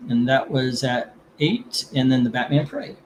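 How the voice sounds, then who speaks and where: A man hosting a casual live comic book auction. He rambles between lot calls, curses freely and gets heated before calming himself down. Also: mid-range voice, unhurried, a little hiss or hum. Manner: rambling, cursing, gets heated over politics then calms down.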